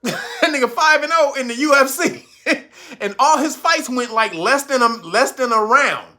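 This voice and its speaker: A man hosting a podcast, giving profane, comic commentary, laughing often and acting out quotes loudly. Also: extremely high pitch, moderate pace. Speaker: podcast host.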